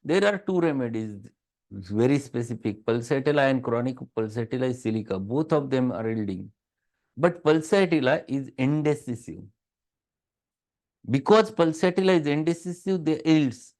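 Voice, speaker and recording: A man's voice: mid-range voice, expressive, moderate pace. A man with a Marathi-tinged Indian English accent gives a classroom lecture, stressing and repeating key words. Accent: Marathi-influenced Indian English. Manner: emphatic, repeats key words, acts out patients' soft replies.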